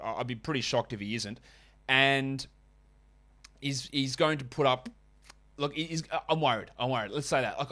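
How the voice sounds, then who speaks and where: With a mid-range voice that sounds pushed and bright, a podcast host covers fantasy basketball. He delivers fast stat summaries and ad reads in a chatty way, peppered with wry remarks.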